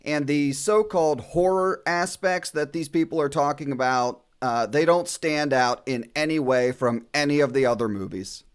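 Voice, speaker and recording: A man's voice: fairly high pitch, normal speed, few pauses, clear, resonant tone. A man co-hosting a livestream, giving matter-of-fact, dismissive commentary. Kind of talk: casual commentary.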